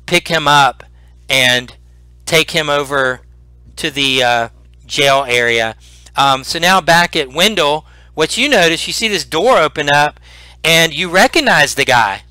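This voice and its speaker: A man narrating a tabletop role-playing game as game master, animated and full of restarts. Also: fairly high pitch, clean tone, no room sound, poor audio. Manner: animated, repeats words and restarts.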